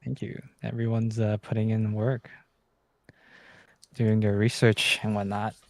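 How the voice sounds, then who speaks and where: A man's voice: on the low side, level tone, unhurried, creaky, dry recording. A man hosting a casual trading livestream, joking and humming to himself between comments on the market. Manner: joking, mumbled asides and hums. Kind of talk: casual chat over live trades.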